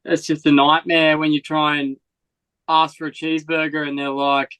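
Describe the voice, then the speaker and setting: An Australian man with a slightly raised pitch and a faint American tinge in his accent. He rambles casually through his answers, restarting thoughts and filling with "like". The sound is dry and close. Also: moderate pace, clear, resonant tone, no echo, low-quality recording. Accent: Australian with some American influence. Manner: relaxed, rambling with fillers and restarts. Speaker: guest, freestyle motocross rider. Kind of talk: casual interview chat.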